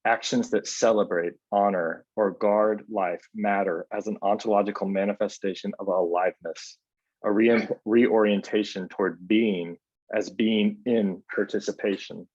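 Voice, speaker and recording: Man, low-ish voice, book club host, soft and halting, dry muffled call audio. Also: fairly even intonation, no room sound. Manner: soft-spoken and unhurried, with frequent hesitations. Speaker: book editor hosting a book club. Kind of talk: online book club talk and reading aloud.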